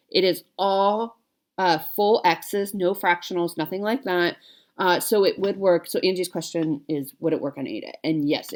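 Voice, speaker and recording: A fairly low-pitched woman in her forties chats with her viewers as a cross-stitch vlogger. Her talk rambles, with fillers and self-corrections throughout.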